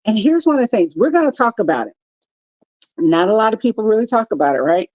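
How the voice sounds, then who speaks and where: A woman's voice: medium pitch, sing-song, fast talker, darkish tone, no echo, dull audio. A middle-aged woman co-hosting a live chat show, talking in a direct, matter-of-fact way. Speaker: co-host.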